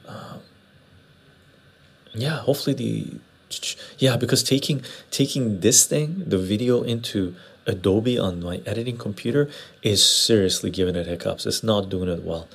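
Casual livestream host, a man from Western Canada, low husky voice, rambling and chatty. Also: normal speed. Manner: rambling, conversational, often tags "right?". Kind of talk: casual livestream chat answering viewer comments. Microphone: lapel mic.

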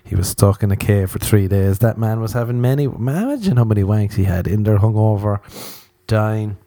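Brief: Irish man hosting a solo podcast, crude and rambling, low and mellow. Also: moderate pace. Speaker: podcast host. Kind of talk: comedic solo podcast monologue.

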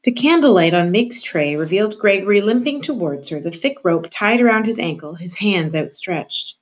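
A woman's voice: mid-range voice, moderate pace, poor audio. A woman, a teacher, narrating a storybook aloud for students and speaking directly to her listeners. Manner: expressive, addresses the listener directly.

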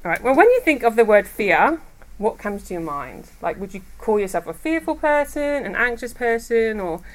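A woman giving a devotional talk to a women's group, chatty and quick to laugh as she tells personal stories. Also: a little high, big pitch swings. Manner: chatty, laughs often while telling stories. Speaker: women's ministry speaker. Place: room with a gathered group.

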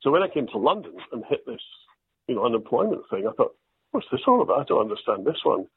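An older Scottish man, an actor, telling self-deprecating stories in a relaxed interview. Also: medium pitch, quick pace, husky, no room sound. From Scotland. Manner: storytelling, self-deprecating, quotes others in lively voices. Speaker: actor guest. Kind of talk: anecdotal interview chat. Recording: dry tinny phone-like line.

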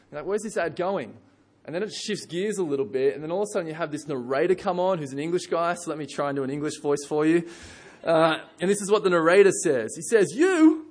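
A man preaching a sermon in a relaxed, conversational way with casual asides. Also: on the high side.

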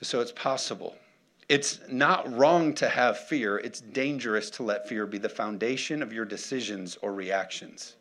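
A man's voice: medium pitch, a little slow, fairly bright tone. A man preaching a conversational sermon who keeps checking in with his congregation and asks for responses. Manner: conversational, calls for audience responses. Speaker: pastor.

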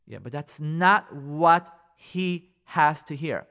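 A man's voice: fairly high pitch, slow pace, a bit bright. A man hosting a radio advice show, delivering a preachy monologue that repeats points for emphasis and acts out spouses' lines. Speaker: radio host giving marriage advice.

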